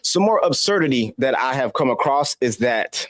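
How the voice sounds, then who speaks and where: A man's voice: mid-range voice, expressive, moderate pace, a bit bright, dry recording. A man giving an opinion monologue as a commentator, preachy and scolding, firing off rhetorical questions. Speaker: political commentator.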